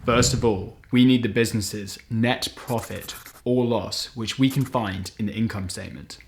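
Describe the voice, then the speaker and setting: A man hosting an educational channel, explaining accounting step by step in a clear, methodical scripted delivery. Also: fairly low pitch. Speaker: host of an accounting lesson channel.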